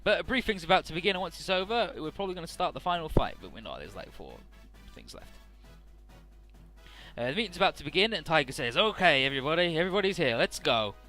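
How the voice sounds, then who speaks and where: A man's voice: a little high, sing-song, fast talker, sharp tone, soft background music. A man casually narrating and recapping a video game story, rambling and swearing now and then. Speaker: let's play host.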